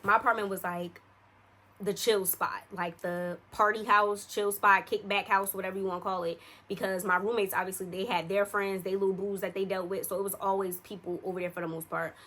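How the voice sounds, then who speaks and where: A young woman in the middle of a casual storytime, her voice sitting at an ordinary pitch. She chats loosely and talks straight to her viewers, with plenty of slang. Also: level tone, quick pace, few pauses, fairly bright tone. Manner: chatty, addresses viewers directly, slangy. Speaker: vlogger telling a story.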